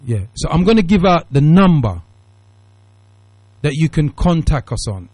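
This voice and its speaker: A man hosting a call-in radio show, his British accent shot through with Jamaican Patois. He talks in an emphatic, preachy way, his fairly high voice swinging widely up and down. The studio sound is dry and close. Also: big pitch swings, a little slow, a little mellow, no room sound. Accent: Jamaican Patois-tinged British English. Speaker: radio talk show host. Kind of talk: casual call-in radio talk.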